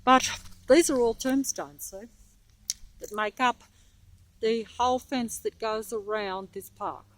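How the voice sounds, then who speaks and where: A woman's voice: a little high, rough recording. Breathless woman rambling on a park walk. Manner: trailing off, halting and restarting. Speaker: vlogger filming on a walk. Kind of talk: rambling walking commentary. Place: outdoor park. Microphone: handheld phone.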